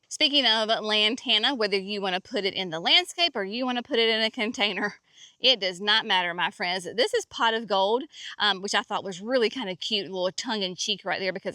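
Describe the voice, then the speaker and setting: A woman's voice: medium pitch, sharp tone, no echo. A woman from North Carolina, chatting folksily and with enthusiasm as she hosts a walk through her garden. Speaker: garden center host. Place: outdoor garden.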